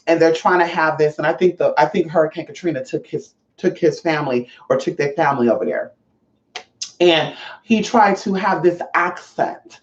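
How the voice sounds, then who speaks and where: A sassy, profane spiritual vlogger chatting casually straight to viewers and calling them y'all. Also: mid-range voice. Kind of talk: casual vlog monologue. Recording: roomy, slightly dull sound.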